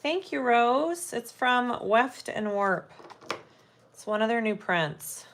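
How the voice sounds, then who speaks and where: Over some background noise, a woman speaks slowly in a high-leaning, animated voice. She hosts a relaxed live sewing stream, musing aloud while she sews and talking with the people watching.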